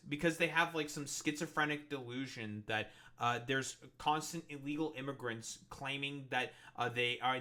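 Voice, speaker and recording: A man's voice: medium pitch, sharp tone. A man streaming, ranting angrily with constant swearing while reacting to a political clip.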